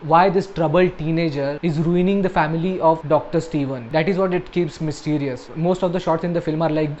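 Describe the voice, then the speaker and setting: A young man talks through a film review in a chatty, joking way, with flat deadpan asides. His voice sits a little high. The recording sounds slightly dull, with faint room ambience behind him. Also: a little fast, slight background noise. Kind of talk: casual spoken film review.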